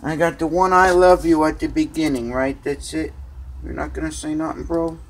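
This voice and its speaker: A man's voice: on the high side, fairly even intonation, moderate pace, a little hiss or hum. A man chatting to his pet cats at home by a window, cooing baby talk at them. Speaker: cat owner filming his pets. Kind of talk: casual chat to his cats.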